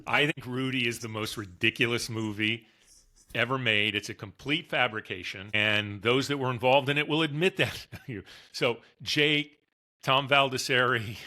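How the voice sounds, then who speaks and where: A man's voice: medium pitch, normal speed, pushed and bright. A man co-hosting a sports podcast who gives candid, blunt opinions in casual chat. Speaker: podcast co-host.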